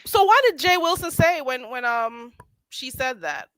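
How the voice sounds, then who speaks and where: A woman's voice: sits high, expressive, a little slow, bright, forceful tone, dry recording, low-quality recording. A woman hosting a casual live chat stream, chatty and laughing as she questions her guests.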